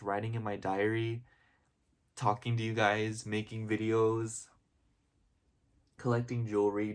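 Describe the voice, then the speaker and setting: A young man talking in a casual, heartfelt vlog, rambling with constant "like" and "you know" and openly emotional and gushing. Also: on the low side. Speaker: vlogger.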